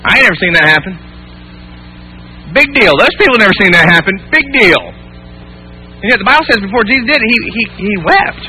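A man preaching a sermon to his congregation, swinging between loud emphasis and hushed tenderness and asking repeated rhetorical questions. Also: high-pitched, expressive, rapid-fire, few pauses, slightly rough, rough recording. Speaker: pastor.

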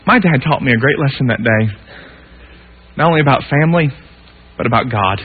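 A man's voice: medium pitch, lively intonation, a little fast, breathy edge, in a large hall. A man preaching a sermon, telling a personal story in an earnest, conversational way with frequent restarts and asides. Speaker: pastor. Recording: tinny lo-fi radio broadcast.

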